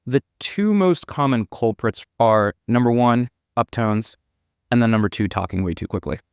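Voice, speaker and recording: Measured, deliberate man giving sales advice. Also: mid-range voice, expressive, smooth, dry recording, clean studio sound. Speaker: sales expert.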